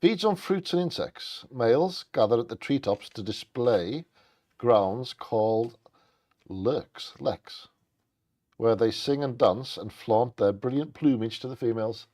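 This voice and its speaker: A man co-hosting a live bingo stream, chatting casually and reading out bird facts with quick jokey asides. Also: mid-range voice, expressive, a little mellow. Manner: jokey, quick asides between read passages.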